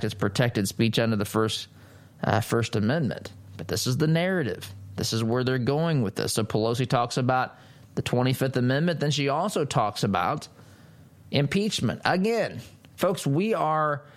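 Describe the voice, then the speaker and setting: A man hosting a political talk show, giving an emphatic, sarcastic commentary monologue and speaking straight to his listeners. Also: mid-range voice.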